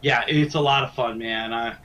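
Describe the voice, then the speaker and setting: Speaking from his compact home den, this middle-aged wrestling broadcaster is an eager interview guest prone to stammered restarts. His mid-range voice is steady, bright and forceful at a moderate pace, captured in dull, lo-fi audio with faint noise.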